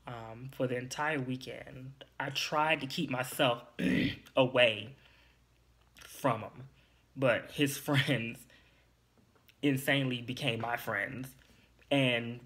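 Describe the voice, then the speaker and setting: A man's voice: medium pitch, fairly even intonation, takes it slowly, long pauses, bright, forceful tone. A young man speaks in a candid, confiding way, like a podcast host telling his own story. His telling is emotional and a little teary, with plain, casual phrasing.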